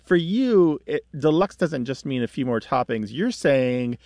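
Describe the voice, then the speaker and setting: A man hosting a call-in radio show, chatting with callers and explaining word history in a lively storytelling way. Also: mid-range voice, unhurried, dry recording, studio quality. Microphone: studio microphone.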